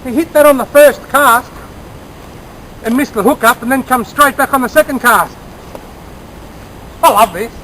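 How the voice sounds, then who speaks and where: A man with a strikingly high voice, talking casually and eagerly as he fishes outdoors by a creek. He explains his tackle and gives tips in a chatty, friendly way. A faint background hiss runs under his voice. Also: normal speed, long pauses, sharp tone, poor audio. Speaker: fishing vlogger.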